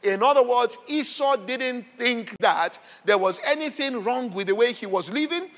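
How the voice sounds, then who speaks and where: Male pastor, sermon, very high bright voice, animated, long hall reverb. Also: normal speed. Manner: animated, repeats "all right" and "are you following".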